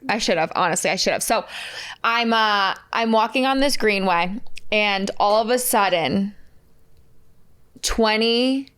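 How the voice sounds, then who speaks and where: A woman's voice: medium pitch, a little slow, pauses often, clear, resonant tone. A woman co-hosting a podcast, telling a story in casual chat and acting out the people in it. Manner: animated storyteller, acts out quotes. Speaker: podcast co-host.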